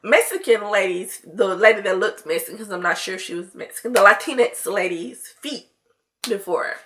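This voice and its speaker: A woman's voice: medium pitch, moderate pace, a bit bright, a little hiss or hum. A woman vlogger telling a story in casual chat, with laughing asides to her viewers.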